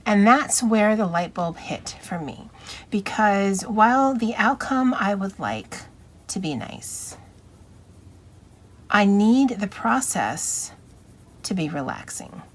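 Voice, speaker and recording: Soft-spoken woman chatting as she colors. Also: medium pitch, big pitch swings. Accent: Hawaiian. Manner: soft, slow and halting, stumbling over words while working. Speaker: YouTuber. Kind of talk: casual chatty vlog while coloring.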